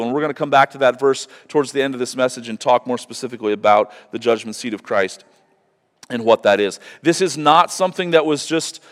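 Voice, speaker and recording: A man preaching a sermon as pastor, reading scripture aloud with loud emphatic passion. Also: medium pitch, brisk. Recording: long reverb of a large hall.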